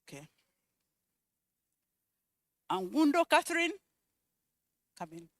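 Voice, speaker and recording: A woman presenting at a conference, calling out attendees' names one by one and repeating each, with quiet asides in between. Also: on the high side, expressive, a little slow, pauses often, no room sound. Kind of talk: roll call at a conference.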